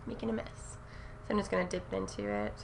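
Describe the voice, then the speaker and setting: A young woman reviewing makeup on camera in a casual, gushing way, often gasping in excitement. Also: on the low side, fast talker, gravelly, noisy background. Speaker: beauty vlogger.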